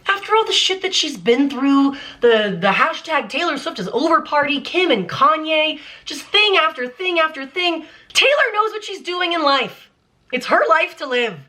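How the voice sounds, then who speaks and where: Bright, animated young woman vlogger. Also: high voice, normal speed. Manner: animated and emphatic, with frequent "like" fillers. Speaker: vlogger analyzing song lyrics. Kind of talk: casual commentary.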